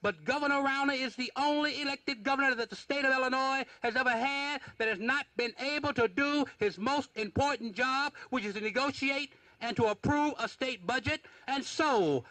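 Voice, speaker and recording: A man delivers a rally speech built on rhythmic, repeated rhetorical lines, then introduces a candidate. His voice is very high and bright, and the sound is dry and close. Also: no room sound. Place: outdoor rally on capitol grounds.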